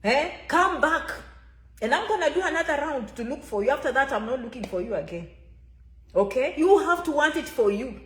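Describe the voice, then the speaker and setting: A woman's voice: sits high, animated, a little fast, fairly bright tone, echoey room. A woman giving an emphatic, repetitive motivational talk to her viewers as an immigration consultant, often referring to herself by name.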